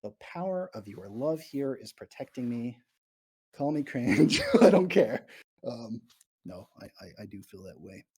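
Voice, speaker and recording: A YouTuber livestreaming to fans from an abandoned morgue answers viewer questions in a husky, medium-pitched, animated voice, a little slow. He's nervous, rambling, giggly and self-deprecating, laughing as he goes.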